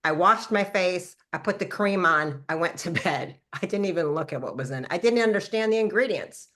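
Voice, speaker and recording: Her skincare story comes out fast and lively as she addresses a live call, a woman in her fifties who develops and markets the product. When recalling earlier conversations, she often jumps up in pitch to voice her own lines.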